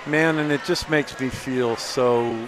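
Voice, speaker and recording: A man's voice: medium pitch, fairly even intonation, measured pace. A man running a catering business, chatting at an outdoor festival, friendly and rambling with fillers. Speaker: caterer guest. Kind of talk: casual interview. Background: crowd and outdoor noise.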